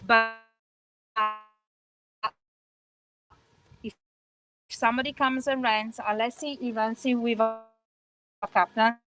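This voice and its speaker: A woman's voice: a little high, fairly even intonation, slow, pauses often, poor audio. A woman hosting and interviewing on a boat, chatty and self-mocking, laughing often. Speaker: event host interviewer. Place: outdoors on a boat in a lagoon.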